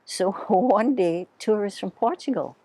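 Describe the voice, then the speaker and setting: A woman, unhurried and homely as she tells stories from her life in an oral history interview. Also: mid-range voice, warm tone, no room sound. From Hawaii. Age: 80s. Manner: unhurried, homely storyteller who spells words out. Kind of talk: reminiscing storytelling.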